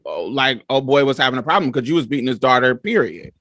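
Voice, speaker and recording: A man's voice: medium pitch, very animated, fast, a bit bright, dry recording, studio quality. A man interviewing a guest, asking laid-back, slangy follow-up questions.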